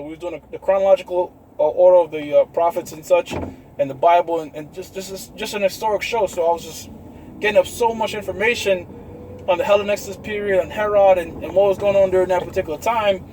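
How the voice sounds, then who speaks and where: A man's voice: high voice, a little mellow, slight background noise, poor audio. A man casually telling listeners about his religious dreams and visions, rambling and addressing them as brothers, outdoors in a city. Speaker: member sharing religious testimonies. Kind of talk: casual spoken testimony to a live audience.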